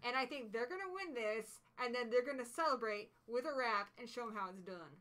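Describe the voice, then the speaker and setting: Woman, stream co-host, animated pitch, tense bright tone, opinionated. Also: a little fast. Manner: enthusiastic, opinionated. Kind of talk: casual wrestling predictions chat.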